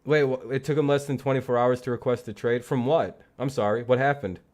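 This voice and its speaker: A man's voice: mid-range voice, fairly even intonation, a little fast, darkish tone. A man hosting a casual live football talk stream, rambling and joking with plenty of swearing. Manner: rambling, profane, laughing jokily. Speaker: streamer and host.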